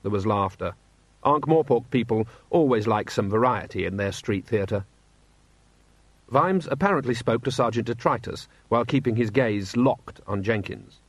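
Guy reading an audiobook, wry steady storytelling, mid pitch, dead dry sound. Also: moderate pace, breathy edge, no room sound. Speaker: audiobook narrator. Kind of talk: scripted narration.

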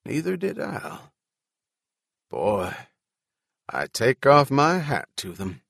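A man voicing an energetic elderly man who talks loudly and in a hurry. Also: mid-range voice, creaky, no room sound, studio quality, full character voice. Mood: hurried. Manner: loud, urgent, hurried.

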